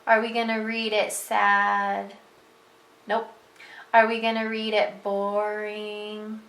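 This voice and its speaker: A woman teaching a reading lesson to preschoolers, patient and sing-song, bursting into excited exclamations when she reads. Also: a little high, normal speed, echoey room. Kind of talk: reading lesson for young children.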